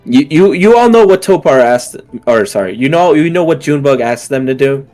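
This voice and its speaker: A man's voice: mid-range voice, expressive, fairly quick, a little mellow, soft background music. Young man narrating a tabletop game. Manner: hesitant, many fillers and restarts. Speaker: game master.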